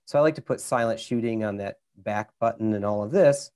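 A camera expert with a Minnesota accent casually walks through settings step by step over a video call, using lots of fillers. His voice sits on the low side, brisk and dark in tone.

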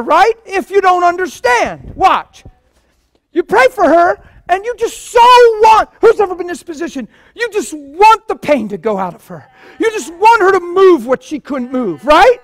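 High-voiced, animated man preaching. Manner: animated, storytelling, swings from quiet to loud. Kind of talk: sermon. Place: church.

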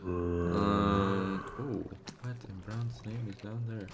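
A man's voice: on the low side, fairly even intonation, takes it slowly, a crowd in the background. A man giving casual let's-play commentary as a gaming YouTuber, chatty and rambling as he plays. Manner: rambling, chatty, many fillers and restarts.

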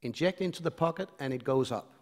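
A middle-aged man delivers a conference lecture in a conversational, expressive way, frequently hesitating and restarting his phrases. His voice is slightly high, and a long hall reverb trails after his words.

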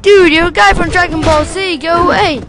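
A woman's voice: very high-pitched, steady tone, moderate pace, over music. A woman giving loose gameplay commentary, mocking the characters with frequent laughter and sudden outbursts. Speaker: let's play gamer.

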